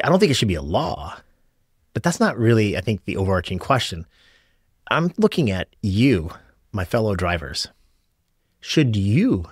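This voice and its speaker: Low-voiced American man chatting on a podcast. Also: breathy edge, dry recording, clean studio sound. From United States. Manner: conversational, rambling with restarts and asides. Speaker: podcast host and rideshare driver. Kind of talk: casual solo podcast talk.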